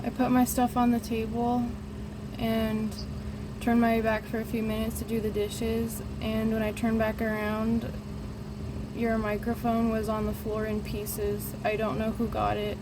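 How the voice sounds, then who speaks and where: A chatty woman films a casual vlog at home, her voice sitting a touch high. She coos at her dogs between remarks, and a clear hiss of home noise runs under everything. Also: completely flat delivery, measured pace. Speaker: vlogger, animal rescuer. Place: home kitchen. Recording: noisy home recording.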